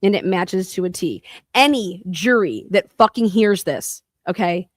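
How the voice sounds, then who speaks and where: A woman's voice: medium pitch, lively intonation, measured pace, no echo, studio quality. A woman podcast host delivering a heated, profane rant in an angry monologue.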